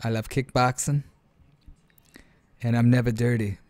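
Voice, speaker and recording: A man's voice: medium pitch, level tone, measured pace, a little mellow, dry recording, lightly acted. A man voicing an earnest male gamer who loves boxing and insists he fights clean.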